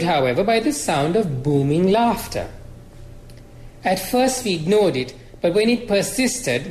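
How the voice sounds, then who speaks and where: Man, author reading aloud, measured and expressive, echoey room. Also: fairly high pitch, a little hiss or hum. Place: college lecture room.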